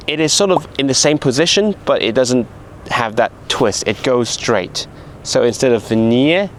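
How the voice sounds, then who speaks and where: A man vlogging about learning a language, explaining pronunciation and slowly sounding out syllables. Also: fairly low pitch, a little hiss or hum. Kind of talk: casual vlog commentary. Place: outdoors in a city.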